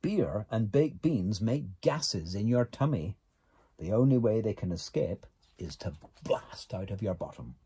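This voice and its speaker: A man's voice: fairly low pitch, expressive, unhurried, dark tone, husky, full character voice. A man reading a storybook voicing a stern, matter-of-fact male dog doctor who lectures firmly. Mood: lecturing. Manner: firm, lecturing. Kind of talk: storybook character voice.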